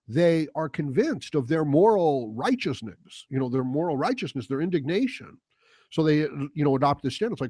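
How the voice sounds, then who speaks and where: Heated ranting man, lively pitch. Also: breathy edge, dry recording, studio quality. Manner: mocking quoted voices. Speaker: political commentary host. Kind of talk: casual monologue.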